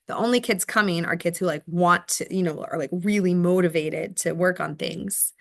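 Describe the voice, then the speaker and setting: A woman's voice: lowish voice, gravelly. A middle-aged woman teacher talking through her day in a candid, chatty video diary, full of fillers and restarts.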